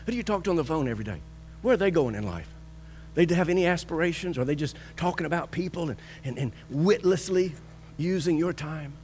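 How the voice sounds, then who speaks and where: High-pitched pastor guy preaching hard, loud bursts then drops way down, chuckles a lot, faint hum behind. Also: expressive, brisk. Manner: emphatic preaching, swinging from loud high bursts to low soft lines; acts out quoted voices and chuckles often. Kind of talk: sermon.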